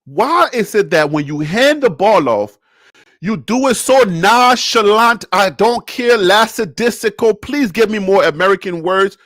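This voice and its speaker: A man from Liberia gives animated, theatrical sports commentary in a high voice that swoops constantly. He acts out the plays as he talks. The sound is close and dry, with no room echo. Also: measured pace.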